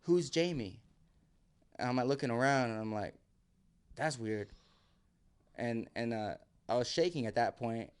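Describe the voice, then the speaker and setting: A man's voice: medium pitch, a little fast, hardly any pauses, smooth. Man, podcast guest, loose storyteller who swears and plays out each quote. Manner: vivid, swearing, re-enacts quotes. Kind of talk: casual storytelling.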